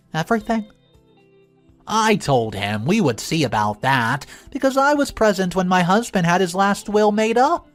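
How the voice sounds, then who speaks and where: A woman telling a first-person story aloud, expressive, her voice jumping up for quoted lines. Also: deep voice.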